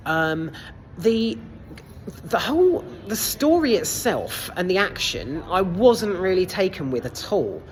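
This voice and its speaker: A woman's voice: on the low side, very animated, takes it slowly, a little hiss or hum. A woman reviewing a film casually in a cinema foyer, hesitant, with many fillers and casual swearing. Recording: long reverb in a foyer.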